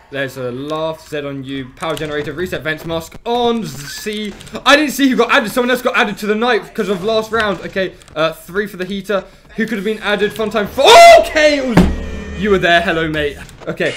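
A young man streaming a video game, rattling off his controls under his breath and breaking into panicked shouts. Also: high-pitched, background noise. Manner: rapid muttered narration of controls, bursts of panicked shouting. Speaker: gameplay streamer. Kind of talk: let's play commentary.

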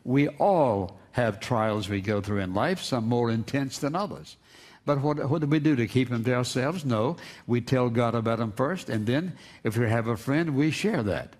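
A man's voice: medium pitch, moderate pace, a little mellow. An older man preaching a sermon, earnest and repeating words for emphasis. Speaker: pastor.

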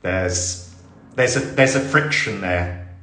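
A man's voice: low voice, takes it slowly, pushed and bright, roomy sound, exaggerated voice. A man playing a lonely, deluded older woman who is smitten with the staff at her post office, in a rambling, coy improvised comic monologue. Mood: gossipy. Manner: rambling, muddling proverbs, giggly and coy. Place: indoor room on a live stream.

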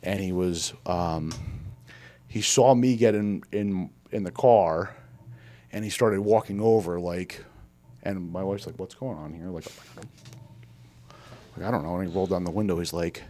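Hosting a relaxed podcast conversation, a man with a low voice speaks unhurriedly and pauses often. His anecdotes ramble, and he brings quoted people to life with lively impressions.

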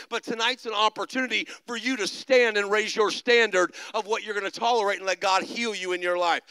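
A man preaching a sermon, moving between quiet storytelling and loud, shouted exhortation. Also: high-pitched, clean tone, no room sound, rough recording. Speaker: pastor. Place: large church stage.

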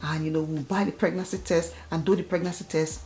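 A woman vlogger in her thirties telling a personal story straight to her viewers in an animated, chatty way. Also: lowish voice, quick pace. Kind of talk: casual talk to camera.

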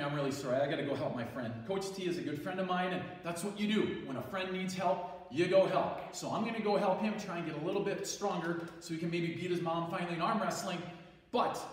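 A man, a PE teacher, introducing a kids' workout video and friendly addressing students by name. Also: on the high side. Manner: friendly, calls kids by name. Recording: echoey hall from far off, music behind.

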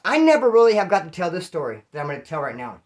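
A man from California telling his own prison stories in a casual, profane, animated way and acting out what people said. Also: sits high, very fast. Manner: profane, animated, acts out quoted dialogue. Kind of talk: casual storytelling.

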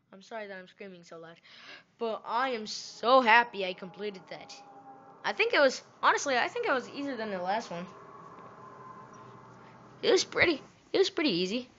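Excitable woman gamer talking to herself, bright voice that swings widely, muffled recording. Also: fairly high pitch, normal speed. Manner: excitable, talks to herself, loud outbursts. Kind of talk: let's play commentary. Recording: dull lo-fi audio.

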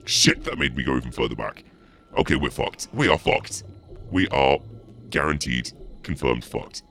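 A man commenting on his gameplay through a voice changer that makes his voice deep and gravelly, swearing and grumbling as he plays. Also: animated, moderate pace, fairly bright tone. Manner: swearing, frustrated, joking. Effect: voice changer pitching voice down. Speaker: gameplay streamer.

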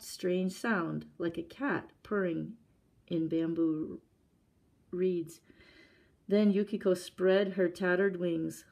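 A woman telling a storybook tale aloud for a library, calm and measured. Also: on the low side, creaky, poor audio.

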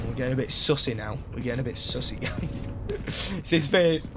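A man streaming a game live, chatting along and breaking into excited shouts. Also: fairly high pitch, normal speed. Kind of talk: live gameplay commentary. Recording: steady background noise.

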